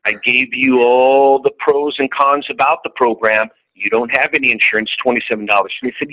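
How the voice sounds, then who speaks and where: A man's voice: mid-range voice, steady tone, fairly quick, hardly any pauses, narrow, tinny audio. A middle-aged man, an insurance salesman, telling a group about his sales calls in a candid, profane way and acting out both sides of each conversation. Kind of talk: casual storytelling to a group.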